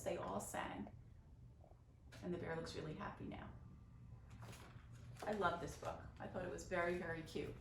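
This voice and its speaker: A woman's voice: lowish voice, steady tone, moderate pace, gravelly, pauses often. A woman teacher reading a picture book aloud to children, with chatty asides and explanations of Yiddish words. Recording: roomy, distant mic, faint noise.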